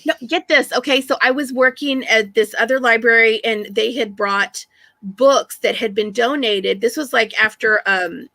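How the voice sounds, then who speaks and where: Chatty woman on a live stream, high and bright, dry close sound, keeps restarting her sentences. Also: moderate pace, dry recording. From Texas. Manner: chatty storyteller, rambling with many restarts. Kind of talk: casual chat on a live stream.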